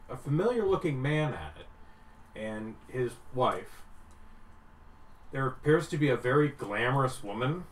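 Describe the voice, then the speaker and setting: A man's voice: mid-range voice, far from the mic, slight background noise. Man, game master, tabletop narration, echoey room, a bit off the mic. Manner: animated, drops into character voices. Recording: roomy, off-mic with faint ambience.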